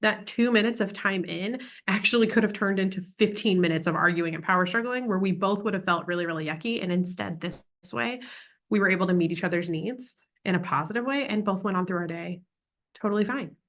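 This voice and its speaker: A woman's voice: mid-range voice, a little fast, a bit bright. A young woman talking through a parenting lesson in a casual, chatty way, with plenty of "like" and "um". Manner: chatty, full of "like" and "um" fillers. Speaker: parent educator. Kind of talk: casual teaching talk.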